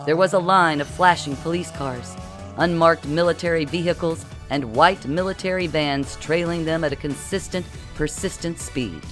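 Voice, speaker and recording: A narrator reading a comic science-fiction story with brisk, comic storytelling. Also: medium pitch, soft background music. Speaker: audiobook narrator. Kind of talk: scripted narration.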